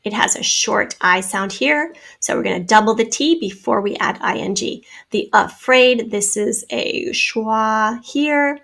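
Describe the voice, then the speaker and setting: A woman's voice: fairly high pitch, measured pace, creaky, hardly any pauses, a bit bright. A woman teacher giving a spelling lesson to children, patiently sounding out syllables and explaining vowel sounds.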